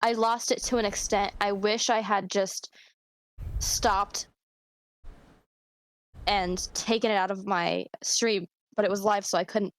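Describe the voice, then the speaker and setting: A woman's voice: medium pitch, fairly even intonation, a little slow, long pauses, no echo. A woman chatting casually on a podcast, laughing easily as she talks. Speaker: streamer and podcast guest.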